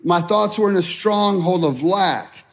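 Middle-aged pastor guy, high voice, slow, chatty sermon acting out worried prayers. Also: a bit bright. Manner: conversational preaching, acting out anxious prayers.

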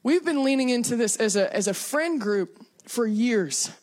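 A woman's voice: fairly high pitch, animated, moderate pace, a little mellow. A young woman from Texas with a Southern accent, a guest preacher giving a chatty, self-deprecating sermon full of conversational asides. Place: church sanctuary.

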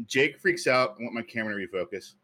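A man's voice: mid-range voice, animated, quick pace, sharp tone. A man co-hosting a podcast, telling a story at length in casual chat with many fillers. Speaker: podcast co-host.

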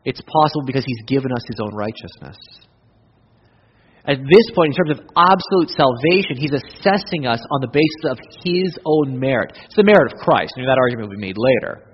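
Animated pastor preaching in an echoing hall. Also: male voice, medium pitch, fairly quick, slight background noise. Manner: animated, swings from loud emphasis to hushed intensity. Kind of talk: sermon. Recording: dull audio with long hall reverb.

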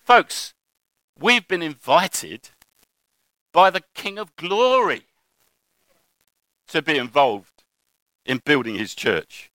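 Bright-voiced man preaching. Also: fairly high pitch, very animated, takes it slowly, pauses often, no echo, poor audio. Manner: conversational preaching with anecdotes. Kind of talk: sermon.

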